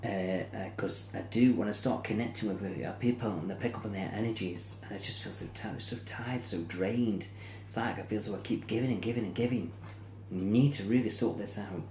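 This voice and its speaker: Deep-voiced man as card reader, soothing and repetitive, a little weary, echoey room with faint background hum. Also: brisk, darkish tone. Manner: soothing, repetitive, yawning and tired. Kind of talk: tarot-style reading to camera.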